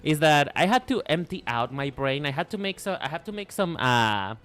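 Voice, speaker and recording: Mexican-accented man chatting with lively pitch. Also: normal speed. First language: Spanish. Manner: playful, rambling with many restarts. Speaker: streamer. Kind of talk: casual live-stream chat. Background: faint music.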